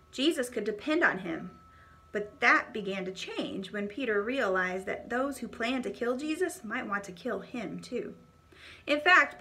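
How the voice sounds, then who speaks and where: Woman storyteller, children's devotion, bright tone, a bit high, expressive reads. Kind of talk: reading a children's storybook aloud.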